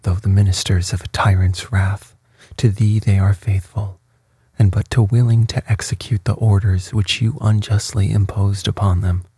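A man reading a calm, bold young peasant. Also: fairly low pitch, no echo. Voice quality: hushed, breathy. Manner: slow, even storybook delivery.

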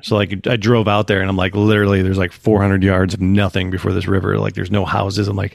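A man hosting a casual chat, telling stories in an animated way and acting out quotes. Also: low voice, fast, creaky, few pauses, no echo, studio quality. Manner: animated storytelling, acts out quotes. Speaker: podcast host.

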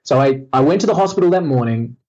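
An Australian man appears as a guest entrepreneur in a casual interview, telling his story candidly with self-deprecating humor and lots of restarts. His mid-range voice is fast and dark-toned with lively intonation. The audio is lo-fi and slightly muffled.

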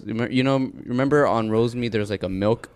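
A man's voice: mid-range voice, fairly quick, a little hiss or hum. Rambling, swearing man. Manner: rambling storyteller, swears freely. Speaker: podcast co-host. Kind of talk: casual chat over beers.

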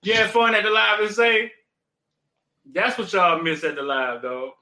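A man's voice: high-pitched, lively intonation, normal speed, bright, forceful tone. A man hosting a show, talking in loose, slangy banter. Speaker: podcast host. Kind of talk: casual chat.

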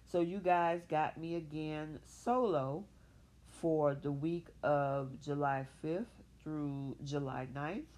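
A woman's voice: sits low, slow pace. A woman hosting a soap opera recap show solo, talking animatedly and opinionatedly, with a casual style. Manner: animated, opinionated, speaks for characters in her own voice. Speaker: podcast host.

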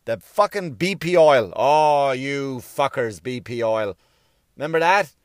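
A man's voice: mid-range voice, lively intonation, measured pace, dry recording, clean studio sound. A man, ranting sarcastically with lots of swearing and rhetorical questions in a comic monologue. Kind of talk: profane comic rant.

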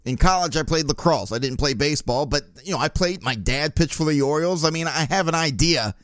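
A man hosting a podcast, telling stories in a casual, profane, animated way. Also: a little high, brisk, dry recording, studio quality. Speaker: podcast host. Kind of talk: casual monologue.

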